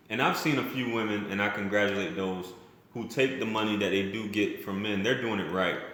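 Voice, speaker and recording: A man's voice: on the low side, fairly bright tone. Blunt rambling man in an echoey room. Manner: rambling and blunt, restarts often, uses slang. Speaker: vlogger telling a story. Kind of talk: casual storytime monologue.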